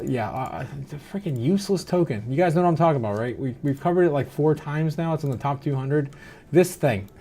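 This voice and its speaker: A man with a high-leaning voice and dark tone runs a crypto livestream, chatting casually over viewer comments. He seems a little tipsy, slightly slurring, says "uh" a lot, and laughs frequently.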